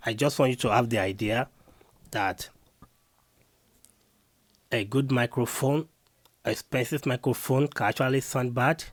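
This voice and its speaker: Man, mid-pitched, chatty gear demo to camera, dry close mic. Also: dry recording. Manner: repetitive, talks to viewers directly. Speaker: tech reviewer.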